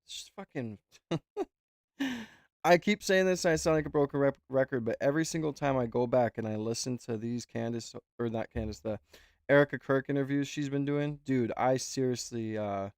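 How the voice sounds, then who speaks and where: A man's voice: medium pitch, moderate pace, a little mellow, no echo, studio quality. Rambling, foul-mouthed male streamer. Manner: rambling, swears freely. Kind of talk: casual reaction chat.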